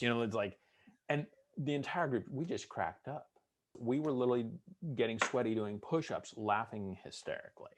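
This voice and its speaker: A man's voice: mid-range voice, moderate pace. A middle-aged man, a veteran, telling humorous stories in an interview and acting out the people in them. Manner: humorous storyteller, acts out drill instructor voices. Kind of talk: storytelling interview.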